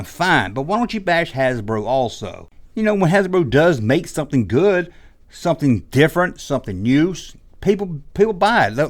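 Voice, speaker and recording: A man ranting in a rambling, exasperated monologue about the toy business, slipping into mock quotes. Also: a little high. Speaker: toy collector YouTuber. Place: indoors, audio only.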